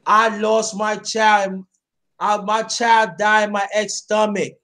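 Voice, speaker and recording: A man's voice: high voice, completely flat delivery, slow pace, bright, forceful tone. A man hosting a casual chat, talking with passion and addressing listeners directly, often repeating himself. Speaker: host.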